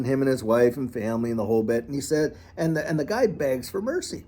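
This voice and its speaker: Husky, lively-voiced man ranting casually. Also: on the high side, brisk, few pauses. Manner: animated, folksy, repeats phrases like "on and on". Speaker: crypto channel host. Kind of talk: casual commentary monologue.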